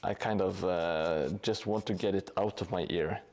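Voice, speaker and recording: Live-streaming from a home hobby room above a gym, a man paints terrain in a casual, hesitant manner, full of fillers and restarts. His voice sits low and is a little mellow, at a normal speed.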